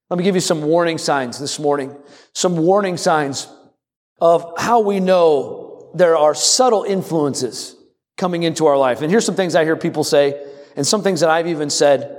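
A man preaching a sermon as pastor, animated and calling on the congregation to answer him. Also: sits high, normal speed, in a large hall. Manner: animated, calls on the congregation to respond.

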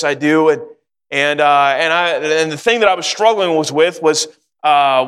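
High-voiced preacher in an echoing hall. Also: male voice, a bit bright. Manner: earnest storytelling, rising to fervent exhortation. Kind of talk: sermon with personal story.

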